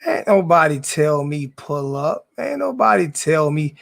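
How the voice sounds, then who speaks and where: High, gravelly man ranting at chat. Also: very animated, a little slow, fairly bright tone. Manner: confrontational, repeats himself, profane slang. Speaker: sports YouTuber answering live chat. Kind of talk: live-stream rant to chat.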